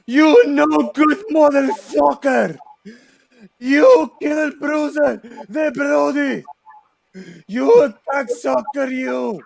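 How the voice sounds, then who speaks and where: A man doing a put-on voice of an enraged male wrestler, yelling drawn-out curses. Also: extremely high pitch, vocal fry, pitched above the performer's own voice, heavily acted, low-quality recording. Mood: furious. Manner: shouting, drawn-out angry curses.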